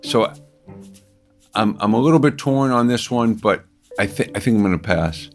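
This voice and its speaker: A man as an investor, asking questions and weighing a deal in a deliberate, repetitive way. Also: fairly low pitch, lively intonation, soft background music.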